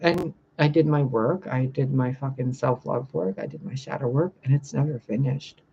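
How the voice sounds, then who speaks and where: A spiritual reader speaking bluntly and profanely in a casual livestream rant, reading out viewer comments and answering them. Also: male voice, mid-range voice, normal speed, vocal fry, highs cut off, slight background noise.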